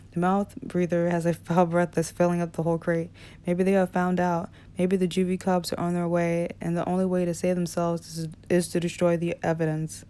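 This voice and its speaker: A woman narrating an audiobook in a relaxed reading style, with small slips and restarts. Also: lowish voice, a little fast, clear, resonant tone. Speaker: audiobook reader.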